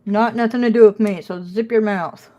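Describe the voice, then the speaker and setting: A chatty woman talks casually to viewers over a phone livestream from her home. She keeps breaking off to scold her dog, then goes back to chatting with the viewers. Her pitch sits in a middle range. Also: steady tone, moderate pace, dark tone, lo-fi sound. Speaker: puzzle live streamer.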